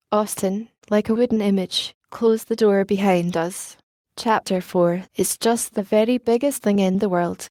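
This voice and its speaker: A woman reading a novel aloud as an audiobook narrator, in an even, unhurried manner with little change of voice for the characters. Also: mid-range voice, no room sound. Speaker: audiobook reader. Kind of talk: scripted narration.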